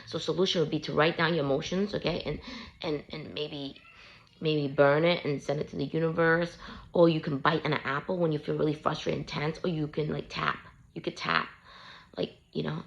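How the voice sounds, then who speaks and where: A woman's voice: low voice, fairly even intonation, brisk, gravelly, dull audio. A woman, a parent, giving self-help advice to camera in a casual, earnest, repetitive coaching way, recorded on a phone she holds. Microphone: handheld phone.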